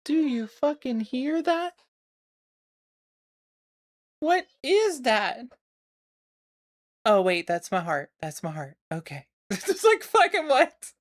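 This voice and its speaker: A woman's voice: sits high, very animated, slow, long pauses. A woman filling in on a live stream, chatting casually in a rambling, sweary way with a sore throat. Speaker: stand-in streamer.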